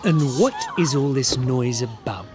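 A narrator voicing a cold, menacing middle-aged male teacher in an audiobook reading, speaking softly and with a deadly edge. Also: medium pitch, animated, slow, music in the background. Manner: soft and deadly.

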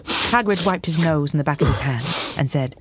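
Low-voiced woman narrating a drama. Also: slight background noise. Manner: measured storybook reading. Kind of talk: scripted narration. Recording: clear music underneath.

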